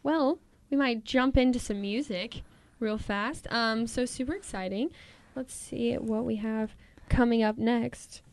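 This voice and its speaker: A woman's voice: a little high, a little slow, few pauses. A young woman from England hosting a podcast in a chatty, casual way, often laughing and saying "like" a lot. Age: young adult. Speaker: podcast host. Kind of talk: casual chat.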